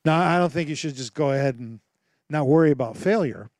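A man preaching a sermon as pastor, telling stories with lively acted-out voices and asking rhetorical questions. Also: fairly high pitch, a little fast, no echo. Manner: animated storytelling with rhetorical questions; acts out voices and sounds in his stories.

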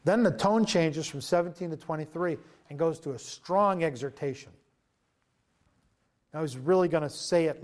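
Earnest preacher man, slightly high voice. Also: expressive, moderate pace. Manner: conversational and earnest, with frequent fillers and restarts. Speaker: pastor. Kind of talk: sermon.

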